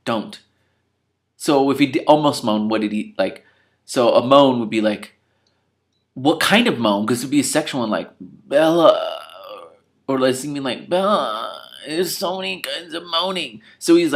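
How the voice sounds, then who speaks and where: A man's voice: mid-range voice, vocal fry, fairly bright tone. A man reading a novel aloud and breaking off into exasperated, sarcastic commentary. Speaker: reader and commentator.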